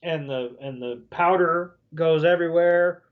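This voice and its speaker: A man's voice: on the high side, unhurried, narrow, tinny audio. A man co-hosting a podcast, rambling through a casual episode recap with lots of fillers. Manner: rambling, many fillers like um and you know. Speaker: podcast co-host.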